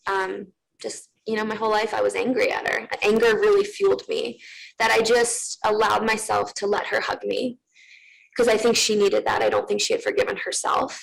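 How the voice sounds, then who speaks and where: Earnest woman with a gravelly edge. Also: medium pitch, poor audio. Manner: earnest, candid, many fillers and restarts. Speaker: guest. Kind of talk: personal story in an interview.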